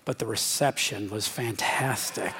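A man's voice: a little high, normal speed, background noise. A man preaching a sermon as a pastor, informal and joking, speaking straight to his congregation.

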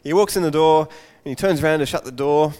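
A man's voice: on the high side, fast. Man preaching in a reverberant hall. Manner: animated storyteller, acts out voices. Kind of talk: Father's Day sermon with storytelling.

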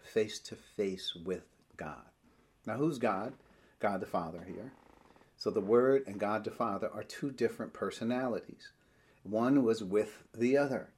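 A man with a fairly low voice teaches a bible study in a plain, explanatory way. He breaks each verse down step by step and slows down whenever he reads scripture aloud. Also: darkish tone, husky.

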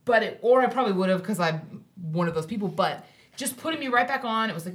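Woman, podcast guest, animated storyteller, middle pitch, lively intonation. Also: fast talker. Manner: animated, laughing as she tells a story. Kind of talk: casual storytelling.

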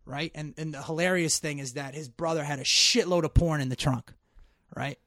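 A middle-aged man telling a story in casual chat, animated and profane, getting loud when worked up. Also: on the high side, normal speed, no room sound, clean studio sound.

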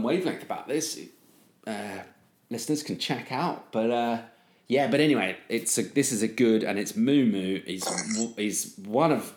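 A man co-hosting a casual podcast, talking in a rambling way with many fillers and casual swearing. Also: medium pitch. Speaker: podcast co-host. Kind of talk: casual chat. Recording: roomy echo.

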